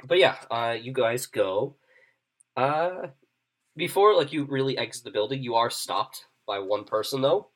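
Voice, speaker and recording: A man narrating as game master in a relaxed, loose way with many fillers. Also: mid-range voice, measured pace.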